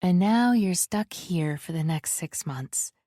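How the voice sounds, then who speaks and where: A woman voicing a perceptive young woman held captive, who asks probing, gently teasing questions in a dry, close recording. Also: on the low side, lively intonation, slow, dry recording. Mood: curious, teasing.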